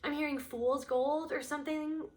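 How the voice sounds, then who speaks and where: A woman with a fairly high voice leads an unscripted tarot card reading. She wanders from thought to thought, voicing each intuitive impression the moment it arrives. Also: steady tone, moderate pace. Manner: meandering and intuitive, voicing impressions as they come.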